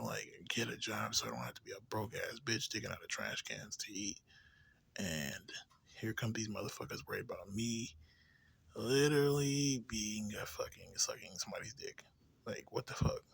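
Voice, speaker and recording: Creaky, husky and bright at medium pitch, this man's forceful voice carries a rambling, unscripted vlog rant. He swears heavily and leans on fillers throughout, occasionally slipping into a weary near-whisper as he vents.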